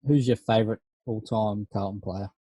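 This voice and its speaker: A man's voice: fairly low pitch, moderate pace, dry recording. A man co-hosting a podcast, casually putting questions to a guest. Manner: relaxed, encouraging questioner. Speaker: podcast co-host. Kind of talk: casual interview chat.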